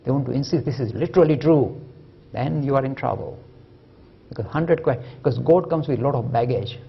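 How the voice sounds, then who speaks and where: A man's voice: medium pitch, a little fast, gravelly, slightly rough, highs cut off. A man giving a public lecture, storytelling with humor and emphatic delivery.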